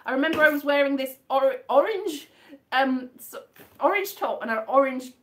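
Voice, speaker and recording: A woman's voice: high-pitched, expressive, moderate pace, fairly bright tone. A woman from the UK chatting casually in a vlog, rambling and amused with herself as she guesses mystery items by touch. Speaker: vlogger.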